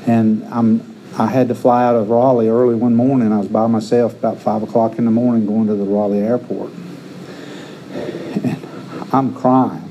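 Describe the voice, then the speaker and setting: A middle-aged man preaches in a very dark, mellow voice. He speaks earnestly, often repeating a word as he restarts a thought. A faint hiss of air conditioning sits behind him. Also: lowish voice, level tone, normal speed, lo-fi sound. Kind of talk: sermon with personal stories.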